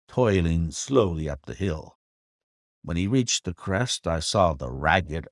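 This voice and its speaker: Man, low voice, lively expressive audiobook narration, measured storytelling, dry close recording. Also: no room sound.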